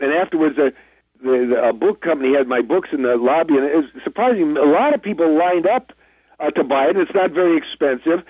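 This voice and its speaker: A man's voice: a little high, husky, dry recording. A man, an actor guest, telling rambling, self-deprecating stories in a casual interview over the phone. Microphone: telephone. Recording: tinny dry phone line.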